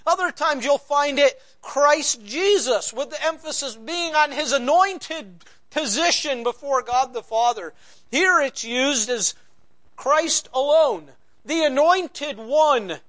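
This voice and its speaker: Pastor, male, very high voice, slow deliberate sermon delivery that rises to loud stresses and drops to hushed lows. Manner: preaching with sweeping swings from loud emphasis to near-whispered lows; slow deliberate repetition of key phrases.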